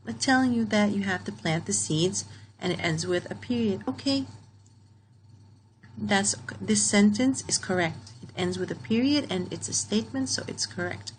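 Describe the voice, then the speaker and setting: A woman teacher explaining a grammar lesson in a patient, step-by-step way, reading each example sentence slowly and then repeating it. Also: medium pitch, a little hiss or hum, low-quality recording.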